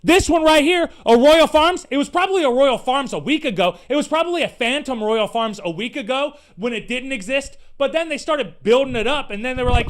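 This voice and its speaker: High-voiced man ranting with profanity. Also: brisk, few pauses. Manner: animated, profane, exasperated ranting; sarcastic, slangy. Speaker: podcast host. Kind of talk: casual ranting monologue.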